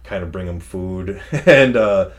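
Young male co-host, lowish voice, loose rambling chat, frequent laughs, casual swearing. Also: measured pace. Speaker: podcast co-host reviewing a movie.

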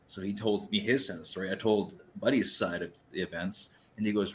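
A man's voice: fairly low pitch, fast talker, hardly any pauses, slight background noise. A man casually telling a long story, rambling and swearing freely as he acts out the scene. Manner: rambling, profane, lively retelling.

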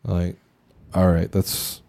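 Low, dark-voiced man telling a story. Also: level tone, slow, creaky. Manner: rambling, profane, lots of fillers. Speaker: podcast co-host. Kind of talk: casual storytelling chat.

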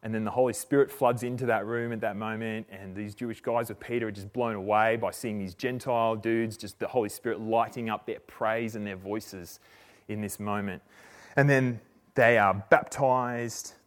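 Here a man delivers a sermon at normal speed in a fairly low voice, recounting a story casually. He sounds conversational, drops in slang, and often starts over mid-thought.

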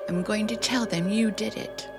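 A woman's voice: medium pitch, fairly even intonation, moderate pace, music in the background, lightly acted. An actress playing a nervous, confused young woman who pleads and stammers, in an old radio play. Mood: anxious. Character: frightened young woman Dory, clinging and confused. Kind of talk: 1940s radio acting.

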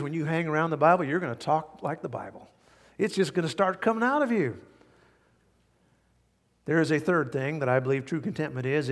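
A middle-aged male pastor preaching a sermon, telling stories with big swings from hushed to loud. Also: a little high. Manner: animated storytelling, swings from quiet to loud. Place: large church hall. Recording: hall reverb.

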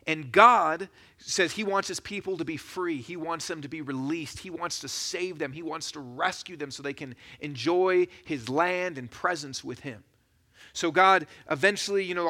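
A man preaching a sermon as a pastor, in a conversational, animated storytelling manner. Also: fairly high pitch, moderate pace.

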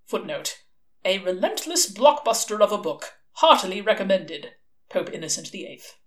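A woman narrating a novel in an expressive audiobook reading. Her voice rises and falls freely, giving the story a lilting shape. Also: mid-range voice, normal speed.

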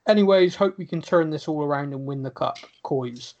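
A man's voice: fairly high pitch, fairly quick, darkish tone, dull audio. A man hosting a casual podcast, reading out listener questions and answering in a chatty way with stammering restarts and frequent laughs. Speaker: podcast host.

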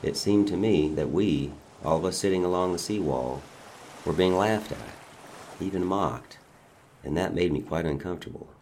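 A man reading a dramatic monologue as a father who calmly taunts a bound governor, his manner quiet, mocking and menacing. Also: sits low, moderate pace, a little hiss or hum.

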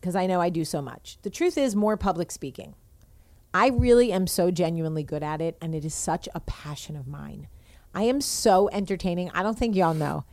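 Woman host, brash and pushy, mid-pitched, dry close-miked sound. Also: animated, normal speed, darkish tone, no room sound. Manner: brash, bossy, self-promoting. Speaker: podcast host. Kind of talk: casual chat.

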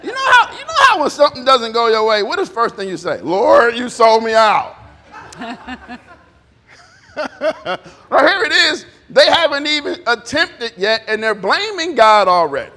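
A man in his fifties preaching a sermon, animated and often laughing as he acts out little dialogues. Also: extremely high pitch, fairly quick, few pauses. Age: 50s. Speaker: pastor. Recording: long reverb of a large hall.

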